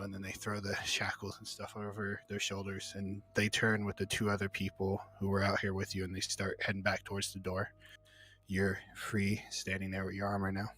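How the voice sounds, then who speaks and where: A man's voice: fairly low pitch, a bit bright. A man narrating a tabletop game as game master, casual and descriptive with frequent fillers.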